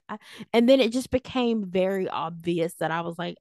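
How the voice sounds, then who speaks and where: A young woman co-hosting a podcast, talking casually in a rambling, animated way and acting out what people said. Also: fairly low pitch, moderate pace, no echo, clean studio sound. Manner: rambling, animated, acts out quoted voices. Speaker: podcast co-host. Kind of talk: casual chat.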